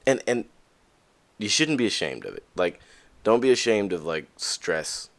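A young man with a low voice talks openly in a casual podcast monologue. His pitch swings widely as he acts out the people he quotes, jumping high and then dropping back into his own low register. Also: big pitch swings, a little slow, gravelly. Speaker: podcast host.

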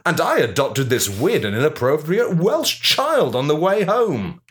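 A man's voice: fairly high pitch, big pitch swings, a little slow, a bit bright. Man doing a camp flustered husband. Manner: camp, playful exclamations.

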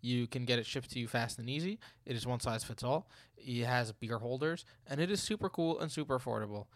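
A man's voice: medium pitch, no room sound, clean studio sound. A man hosting a fantasy sports podcast, chatting casually and joking between ad reads. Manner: playful, jokey, quick asides. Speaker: podcast host.

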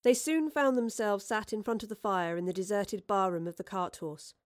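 In clean studio sound with no room sound, a mid-range female voice reads an audiobook. Her storytelling is even and measured.

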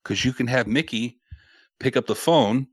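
A man co-hosting a podcast in casual chat, joking and swearing freely, quick with a wisecrack. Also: medium pitch, husky, no echo, studio quality. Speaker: podcast co-host.

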